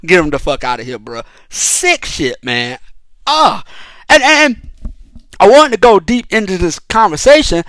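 Fired-up, profane podcast host. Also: male voice, high voice, pushed and bright, dry recording. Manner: profane, heated and rambling, with frequent restarts. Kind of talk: casual solo podcast commentary.

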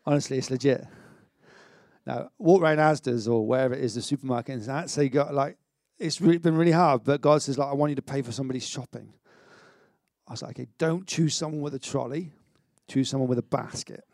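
A middle-aged man preaching a sermon in an energetic, conversational way, with stammered restarts and self-mocking humour. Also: medium pitch, brisk, creaky, no room sound, studio quality. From Wales. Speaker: pastor.

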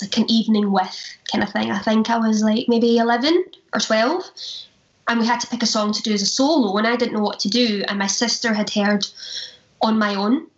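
A young Glaswegian woman, a stage performer, telling anecdotes in a chatty way, laughing often and acting out quotes. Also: mid-range voice. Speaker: musical theatre performer, guest. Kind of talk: casual chat, anecdotes. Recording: roomy, dull lo-fi sound.

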